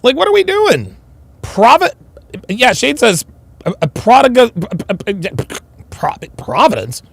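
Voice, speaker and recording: Mocking man with a lively, gravelly voice. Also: very high voice, unhurried, no echo. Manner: mocking, reads chat comments aloud. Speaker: livestream host. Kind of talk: casual livestream commentary.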